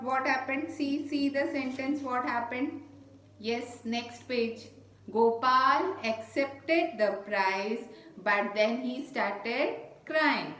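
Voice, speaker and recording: A woman's voice: high-pitched, reverberant. A woman teacher, going over a children's worksheet step by step and repeating herself as she explains. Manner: slow, repetitive, explaining step by step. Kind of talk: online lesson for children.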